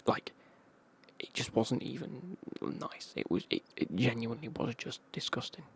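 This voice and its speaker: A man with an English accent whispers a rambling, slangy travel anecdote right up against an ASMR microphone. His voice is breathy and raspy, with a gravelly fry under the whisper. Pitch sits in the middle for a man. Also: big pitch swings, a little slow. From England. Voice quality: husky whisper. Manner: chatty, casual anecdote telling with slang. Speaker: ASMR creator.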